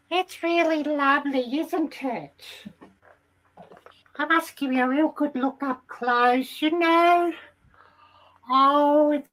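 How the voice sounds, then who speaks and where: Giddy rambling hen, voiced by a woman, high and bright, slow-talking, lots of ums. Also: far from the mic, exaggerated voice, poor audio. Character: excitable chatty female hen. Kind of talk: comic character monologue.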